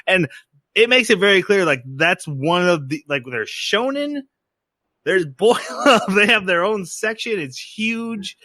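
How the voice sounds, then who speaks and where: Bright animated man recapping. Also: high-pitched, measured pace, no echo. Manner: animated recapping, acts out quotes in raised voices. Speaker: podcast host. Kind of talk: casual podcast chat.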